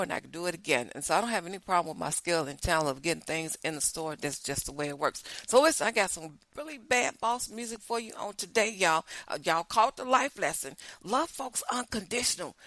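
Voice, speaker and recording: An older woman, hosting a show and telling folksy, animated stories straight to her listeners. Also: fairly low pitch, brisk, few pauses, dry recording. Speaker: show host. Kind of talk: casual storytelling monologue.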